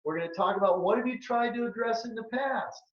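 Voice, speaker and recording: A man's voice: very high-pitched, quick pace, dull audio. Earnest man in his sixties, echoey. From southern Minnesota. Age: 60s. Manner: earnest, emphatic, repeats key phrases. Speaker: health and wellness practitioner presenting a webinar. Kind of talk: presentation with a sales pitch.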